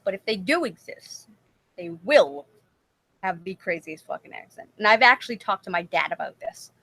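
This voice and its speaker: A woman co-hosting a casual livestream chat, talking in a profane, animated way and laughing often. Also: mid-range voice, moderate pace. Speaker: livestream co-host.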